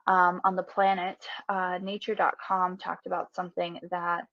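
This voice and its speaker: Gravelly low-voiced woman reading radio news. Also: normal speed, no echo. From northern Minnesota, USA. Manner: calm and earnest, with frequent "um"s and "uh"s. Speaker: news presenter on a radio show. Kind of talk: radio news segment, partly read. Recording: dull, lo-fi and dry.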